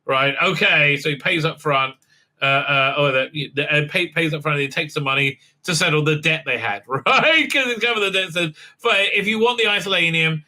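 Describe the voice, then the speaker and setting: Man, host, episode recap, very bright sharp tone, slightly high voice, halting and sarcastic. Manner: halting, many fillers, acts out quotes in silly voices. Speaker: show host reviewing a TV episode. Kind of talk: rambling casual recap with mocking asides.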